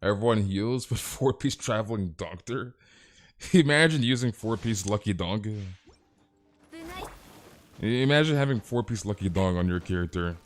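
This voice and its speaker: A young man streaming a game live, chatting casually with viewers and telling animated, exaggerated stories. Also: on the low side, moderate pace, soft background music. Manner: casual, animated, reads chat aloud, exaggerates. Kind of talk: live stream chat while playing.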